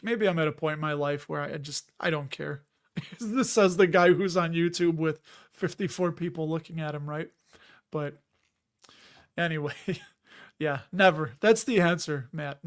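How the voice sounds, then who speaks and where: A middle-aged man casually chatting on a livestream, reading viewer comments, laughing often and restarting words. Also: fairly high pitch. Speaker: livestream host.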